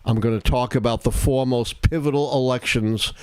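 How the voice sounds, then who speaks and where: Older man, measured historian on live talk. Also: mid-range voice, fairly even intonation, smooth, dry recording. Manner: deliberate, measured explanations. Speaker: historian and show host. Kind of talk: live-stream political talk.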